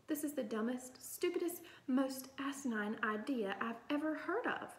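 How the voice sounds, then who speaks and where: A woman's voice: high-pitched, expressive, normal speed, pitched above the performer's own voice. Field: storybook reading. Figure: a woman doing a scornful sixth-grade girl. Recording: roomy echo. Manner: scornful, exasperated.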